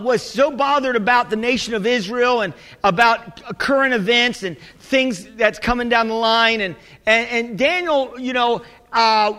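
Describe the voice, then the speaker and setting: A male pastor preaching a sermon in an animated, humorous way, calling out to his congregation. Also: extremely high pitch. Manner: animated, humorous preaching with audience call-and-response. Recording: echoey hall.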